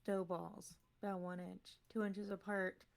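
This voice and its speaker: Sleepy, deadpan woman reading a recipe. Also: mid-range voice, measured pace, gravelly. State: just woken up. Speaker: tournament competitor giving a promo. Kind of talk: rambling, offhand recipe reading.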